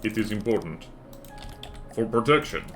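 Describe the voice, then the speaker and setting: A man's voice: lowish voice, animated, moderate pace, fairly bright tone, faint music behind. A man voicing a proud, patriotic male comrade engineer with a put-on mixed foreign accent and solemn broken-grammar pronouncements.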